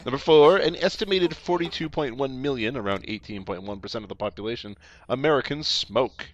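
A man's voice: medium pitch, brisk. A man on a comedy podcast reading product copy aloud, stumbling and laughing as he goes.

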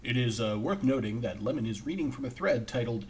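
A man co-hosting a comedy podcast who reads posts aloud and jokes with an animated, mock-boastful manner and laughs easily. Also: mid-range voice, a little fast. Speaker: podcast co-host. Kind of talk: comedic reading and banter.

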